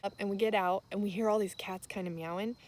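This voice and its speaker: A woman's voice: mid-range voice, fairly even intonation, fast, darkish tone. Tearful woman telling a heartfelt story. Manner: emotional, heartfelt storytelling with many fillers. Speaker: vlogger. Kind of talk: personal testimony vlog.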